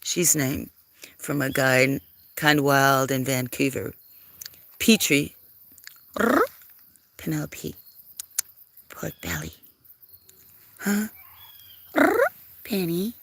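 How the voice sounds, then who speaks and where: With an expressive, mid-range voice that is slow and a bit bright, broken by long pauses, a livestream host chats casually with viewers on a handheld phone. The setting is a farm at the cats' feeding time, and the host coos at the cats and apologizes now and then.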